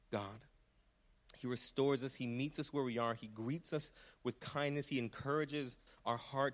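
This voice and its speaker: A man preaching a sermon in a church, earnest and impassioned, often restarting his words. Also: mid-range voice. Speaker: pastor. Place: church sanctuary.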